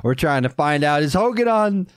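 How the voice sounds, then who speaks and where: Joking podcast dude, voice jumps up and down a ton, dry close mic. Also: male voice, a little high, animated, moderate pace, clean tone, no room sound. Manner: joking, jumping in with quips. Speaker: podcast co-host. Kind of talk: casual wrestling podcast chat.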